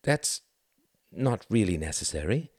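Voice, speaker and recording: A man's voice: lowish voice, very animated, measured pace, a little mellow, husky, no echo, clean studio sound, heavily acted. A man voicing a shy, awkward young woman with a polite, hesitant manner in a storybook reading.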